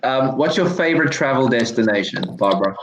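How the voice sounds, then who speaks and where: A man fires off quick casual questions to a guest, often opening with a hesitant filler. His voice sits at a middle pitch and carries a roomy echo. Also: expressive, slight background noise. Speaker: interviewer. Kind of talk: quick-fire interview questions. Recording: echoey room.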